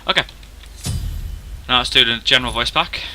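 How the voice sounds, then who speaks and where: In casual gameplay commentary, a young gaming host rambles through the features, chatty and poking fun at himself. He speaks at a normal speed in a mid-range, bright voice with a forceful tone, on a rough recording with a little hiss or hum.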